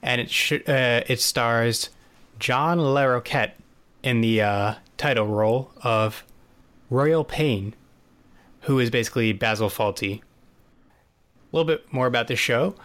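A man's voice: medium pitch, a little slow, pauses often, a bit bright, clean tone. A man co-hosting a podcast, casually recapping a TV episode in a dry, sarcastic way with plenty of fillers and restarts. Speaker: podcast co-host.

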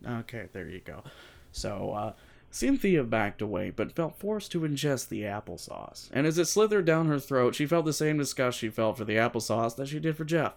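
A male podcast co-host with a lively, swooping voice, cursing freely in casual banter. He moves between reading a book aloud and joking with his co-host. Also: medium pitch, moderate pace, creaky. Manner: animated, swears freely, jokey.

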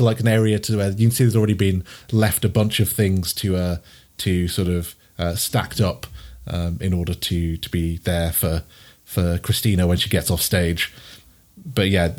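Halting man running a tabletop game. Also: low-pitched, darkish tone. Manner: halting, many ums and uhs, giggly. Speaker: game master.

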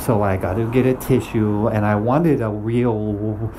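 A man's voice: fairly low pitch, unhurried, noisy background. Goofy man rambling while walking outdoors. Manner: goofy, laughing, playful sound effects. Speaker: podcast host. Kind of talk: rambling comedic monologue.

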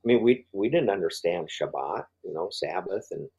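A man's voice: deep voice, animated, normal speed, darkish tone, slightly rough, poor audio. An older man as an interview guest, talking through his faith story, rambling with many fillers and restarts. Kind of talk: podcast interview conversation.

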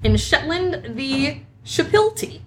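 A woman's voice: high-pitched, big pitch swings, slow pace, a little hiss or hum. A woman co-hosting a casual podcast, laughing often as she walks through folklore facts. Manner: giggly, presents folklore facts. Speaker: podcast co-host.

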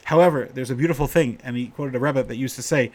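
A middle-aged man giving an informal Torah talk, telling stories and getting animated when he quotes the people in them. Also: medium pitch, quick pace. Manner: storytelling, animated when quoting characters.

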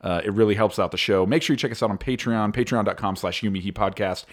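Male podcast host, chatty and jokey, quick to laugh. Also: on the low side. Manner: jokey, laughs often while reading aloud. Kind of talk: casual podcast chat.

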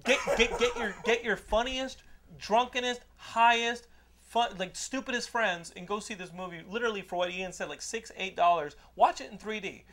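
A man hosting a podcast, telling a movie story in a loud, profane way and often laughing. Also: high voice, moderate pace. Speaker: podcast host. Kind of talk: casual chat, movie review.

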